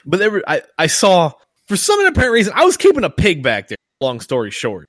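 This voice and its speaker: A man's voice: sits high, huge pitch swings, fairly quick, a bit bright, no echo, studio quality. A man hosting a podcast, telling a story in a rambling, casual way, swearing often. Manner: rambling, swears a lot, lots of fillers. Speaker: podcast host.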